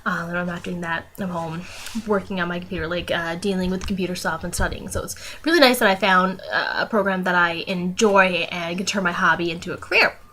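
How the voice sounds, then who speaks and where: A woman's voice: lowish voice, steady tone, brisk, bright, forceful tone, slight background noise. A young woman vlogging casually, telling a rambling story full of fillers and restarts. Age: young adult.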